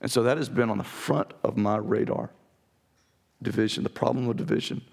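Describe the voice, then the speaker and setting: A man preaching a sermon as pastor, with a raspy voice, earnest and direct with his congregation. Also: fairly low pitch, fairly even intonation, fairly quick, darkish tone. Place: church sanctuary.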